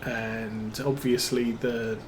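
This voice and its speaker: A man tells a meandering story while he plays, trailing off into fillers and restarting his sentences. He talks slowly, and his voice echoes in a roomy space over a faint hum. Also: on the low side, little pitch movement. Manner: rambling, hesitant, many fillers and restarts. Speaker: streamer. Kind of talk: casual storytelling while playing a farming game.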